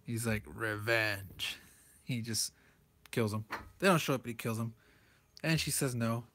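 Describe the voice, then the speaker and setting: A man's voice: medium pitch, moderate pace, a bit bright, breathy edge. A man reviewing a comic book page by page in a loose, rambling way, chuckling often as he talks. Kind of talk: casual comic commentary.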